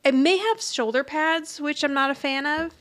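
A woman's voice: sits high, moderate pace. A woman co-hosting a podcast, retelling a sitcom episode in casual chat and acting out the characters' lines. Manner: animated retelling, acting out quoted lines with light laughter.

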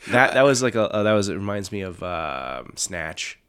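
A man's voice: low voice, big pitch swings, normal speed, fairly bright tone, smooth. A man co-hosting a casual film discussion podcast, enthusiastic and chuckling as he quotes his favorite lines. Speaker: podcast co-host.

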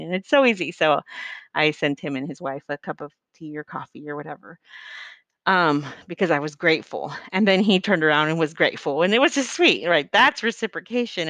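A middle-aged woman speaks in a heartfelt, faith-based monologue, earnest and meandering with many fillers. Her voice sits a little low and sounds smooth and clear. The recording is close and dry, with no room sound. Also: fairly bright tone, no room sound.

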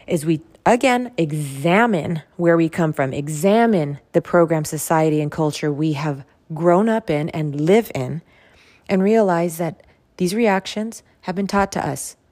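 Woman, lower-pitched, solo motivational podcast host; earnest, emphatic delivery that hammers points through repetition. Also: a little mellow. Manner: earnest, emphatic, repeats phrases for stress. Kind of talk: motivational self-help monologue.

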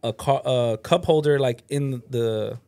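A man's voice: mid-range voice, measured pace, mellow. A man co-hosting a casual podcast, telling a rambling story with lots of filler "like". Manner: rambling, heavy on "like". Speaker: podcast co-host. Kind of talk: casual chat.

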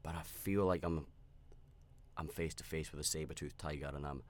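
A man's voice: extremely low pitch, fairly even intonation, moderate pace. A man hosting a podcast, telling a personal story in a rambling, candid and reflective way, with frequent restarts and fillers. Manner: reflective and self-aware. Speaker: podcast host.

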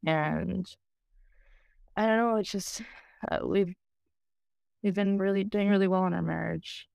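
A woman's voice: medium pitch, fairly even intonation, unhurried, gravelly, darkish tone, clean tone, dry recording. A woman talking candidly in an interview, rambling and filling her talk with "you know" and "like". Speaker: program client sharing her story.

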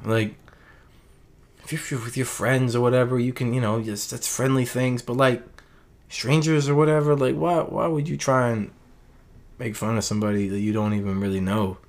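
A man rambles earnestly through a casual late-night monologue, often restarting and correcting his sentences. His voice is medium in pitch with a steady tone and moderate pace.

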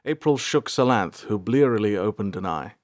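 A man reading a fantasy audiobook aloud in measured storytelling. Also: lowish voice, expressive, dry recording, studio quality. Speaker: narrator. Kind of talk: scripted audiobook narration.

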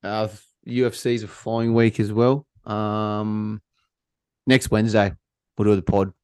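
A young Australian man hosting a casual podcast chat, laughing often and swearing freely in relaxed banter. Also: lowish voice, measured pace, clean tone, no room sound, clean studio sound. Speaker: podcast host.

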